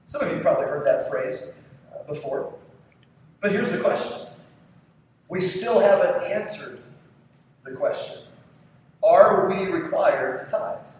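A male pastor preaching a sermon in a church, lively and conversational, quizzing the congregation as he goes. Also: high voice, measured pace, pauses often. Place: church sanctuary. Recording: echoey hall from far off, faint noise.

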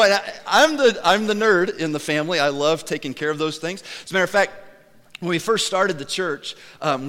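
A man preaching a sermon to his congregation in a church, animated and conversational, joking with the listeners. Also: a little high, in a large hall. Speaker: pastor. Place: church sanctuary.

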